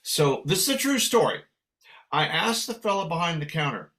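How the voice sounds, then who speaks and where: A man with a slightly higher voice tells a story as a guest. He is from San Francisco and talks with animated energy. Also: normal speed. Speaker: guest musician. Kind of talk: casual storytelling.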